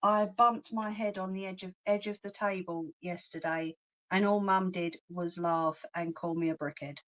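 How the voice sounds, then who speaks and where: A chatty woman from London hosts a craft channel livestream, casually chatting and reading comments aloud. She laughs often and uses cheeky slang, with a fairly low, steady, slightly bright voice at a moderate pace.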